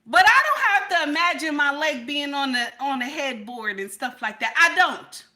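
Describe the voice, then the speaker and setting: High, bright-voiced woman commentator. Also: normal speed. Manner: animated, bursts into laughter and shouts, repeats phrases with "okay?". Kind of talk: casual reaction commentary.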